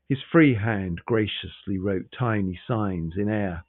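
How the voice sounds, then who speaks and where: Guy reading a novel out loud, measured, lowish voice, lo-fi phone audio. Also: dry recording. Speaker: reader. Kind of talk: literary reading aloud. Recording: tinny, phone-like sound.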